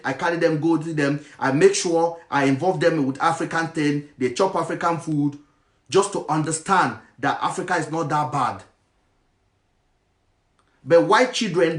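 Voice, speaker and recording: A man with a Nigerian accent speaks with heated passion, slipping into Pidgin. His voice sits high for a man. The room around him rings with echo. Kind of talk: impassioned monologue.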